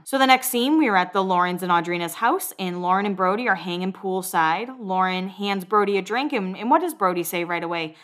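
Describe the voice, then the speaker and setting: A woman's voice: mid-range voice, fast, few pauses, fairly bright tone. Chatty young woman swearing casually. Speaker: podcast host recapping a reality show. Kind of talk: casual chat.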